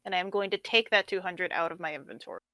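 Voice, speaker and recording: A woman's voice: on the low side, quick pace, sharp tone, no echo. A woman playing in a tabletop game, casual and playful, describing what her character does. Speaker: player. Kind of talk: casual role-play chat.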